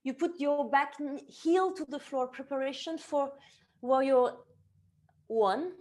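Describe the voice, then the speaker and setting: A woman teaching a yoga class, calmly cueing each movement to the breath and gently offering options. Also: high-pitched, normal speed. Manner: calm step-by-step cueing tied to the breath. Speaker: yoga teacher and somatic therapist. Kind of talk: guided yoga class instruction.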